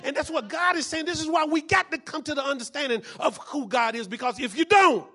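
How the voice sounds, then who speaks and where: High-voiced preaching pastor, man. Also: brisk. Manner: preaches with bursts of shouting and repeated phrases; calls to the congregation for responses. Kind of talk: sermon.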